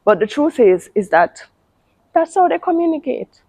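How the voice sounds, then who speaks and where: A woman's voice: sits high, big pitch swings, normal speed, darkish tone. A woman hosting a casual talk on parenting, speaking emphatically and often repeating words. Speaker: parenting channel host.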